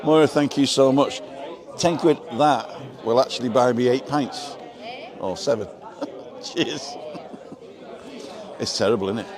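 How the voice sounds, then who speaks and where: A man's voice: mid-range voice, unhurried, long pauses. An older man hosting a casual live stream from an outdoor bar terrace, rambling and joking as he reads viewer comments. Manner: chatty, rambling, jokey. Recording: outdoor crowd noise behind. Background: crowd chatter.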